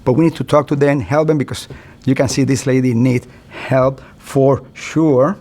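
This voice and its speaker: A man's voice: mid-range voice, fairly even intonation, normal speed, darkish tone. A middle-aged man, a physician, giving a recorded continuing-education lecture in an earnest, conversational way. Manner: earnest, conversational, acts out doctor-patient exchanges.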